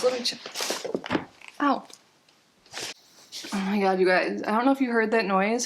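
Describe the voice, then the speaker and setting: A woman's voice: medium pitch, normal speed, long pauses, slight background noise. A woman vlogger sitting on the floor at home, chatting casually as she unboxes a package, rambling and giggling with lots of "like"s.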